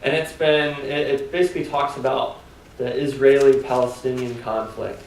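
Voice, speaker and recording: A man's voice: medium pitch, flat delivery, moderate pace, a little hiss or hum. A man preaching a sermon as pastor, in a loose, conversational way full of "like" and "kinda", asking the congregation questions. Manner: conversational, filler-heavy preaching with rhetorical questions. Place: church sanctuary. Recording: echoey church hall, mic at a distance.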